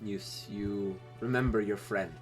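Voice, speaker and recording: A man's voice: lowish voice, steady tone, measured pace, soft background music. A man narrating as game master in a live tabletop game, loose and hesitant in delivery. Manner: loose, hesitant with fillers, friendly.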